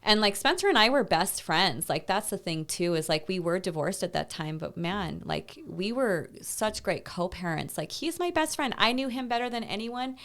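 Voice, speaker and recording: A woman's voice: medium pitch, animated, moderate pace, few pauses, a bit bright. A woman in her thirties, a podcast guest, tells a painful personal story in a rambling conversational way, full of "like" and "you know.". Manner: intense, reliving a painful memory.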